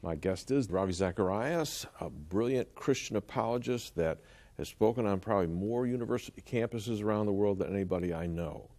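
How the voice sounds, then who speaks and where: A male interview host asking questions and introducing his guest in a measured way. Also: lowish voice, a little mellow.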